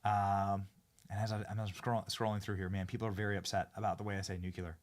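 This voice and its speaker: A man hosting a live-streamed talk show from a studio, speaking in excitable casual chat and often repeating and restarting his phrases as he hypes guests. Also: on the low side, fast. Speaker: political talk show host.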